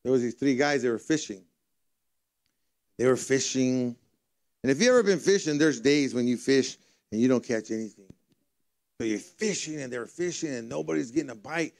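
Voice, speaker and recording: A man's voice: medium pitch, moderate pace, vocal fry, pauses often, a little mellow. A man pastor preaching a sermon in a conversational way, telling funny stories. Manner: conversational preaching with humorous storytelling. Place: church service.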